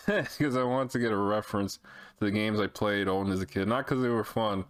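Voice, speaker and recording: Low-voiced, cursing retro game streamer. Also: male voice, moderate pace, faint music behind. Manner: loose, profane, reads chat aloud. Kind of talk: casual live-stream chat.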